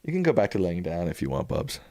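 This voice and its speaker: A man hosting a casual livestream, chatting in a relaxed way and thinking aloud as he answers viewers. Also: deep voice, quick pace, no echo. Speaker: livestream host.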